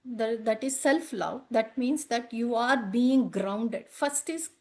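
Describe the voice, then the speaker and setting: A woman's voice: a little high, slow, darkish tone. A woman teaching a healing session, explaining earnestly and often repeating and rephrasing herself as she goes. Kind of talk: explaining during a live session.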